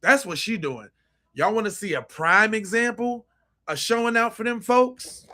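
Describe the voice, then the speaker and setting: A man's voice: high voice, normal speed. A man hosting a podcast, reacting to clips with emphatic, profane commentary. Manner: animated, emphatic, swears freely. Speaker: podcast host.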